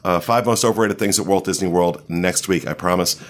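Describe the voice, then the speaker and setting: A man with a fairly low voice hosts a casual panel podcast. He speaks hesitantly with frequent ums and uhs, steering the talk and signing off. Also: a little fast. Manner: hesitant, filler-heavy, wraps up the show. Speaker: podcast host.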